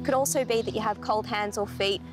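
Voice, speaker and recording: Woman nutritionist, clear and informative, over a music bed. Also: medium pitch, fairly quick. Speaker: nutritionist guest. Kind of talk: explaining health tips on TV.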